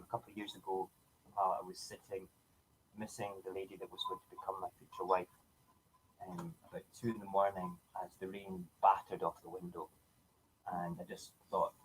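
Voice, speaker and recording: A man's voice: on the low side, slight background noise, poor audio. A middle-aged man hosting a casual morning livestream, chatting in a rambling way with many fillers. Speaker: host of a morning livestream show.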